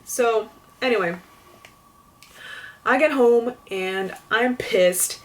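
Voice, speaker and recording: A woman's voice: on the high side, drawn-out words, far from the mic. A young woman venting to camera in a casual rant, exasperated and swearing, with lots of "like". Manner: exasperated, profane, fillers of "like". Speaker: vlogger.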